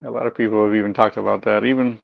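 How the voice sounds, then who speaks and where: Easygoing man with gravelly voice. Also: on the low side, steady tone, racing. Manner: easygoing, agreeable, many fillers. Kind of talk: casual chat. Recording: dull lo-fi sound.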